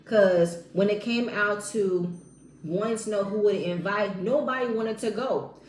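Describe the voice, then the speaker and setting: A woman's voice: medium pitch, unhurried, reverberant, a little hiss or hum, poor audio. A woman giving a blunt, exasperated casual recap of a reality show, mocking the people in it. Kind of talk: animated casual recap commentary.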